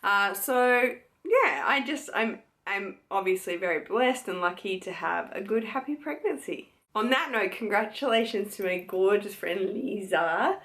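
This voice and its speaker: An Australian woman in her young adult years talks to her camera in a relaxed, unhurried way. She gushes over what she shows and leans on fillers, in a mid-range voice. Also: medium pitch. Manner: chatty, gushing, many fillers. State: pregnant. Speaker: beauty vlogger. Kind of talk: casual chat to camera.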